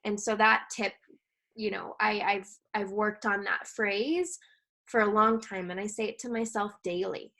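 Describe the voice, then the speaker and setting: A woman in her thirties, a guest expert talking gently and earnestly in a casual interview about coping as a mother. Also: medium pitch, measured pace. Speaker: guest expert on maternal mental health.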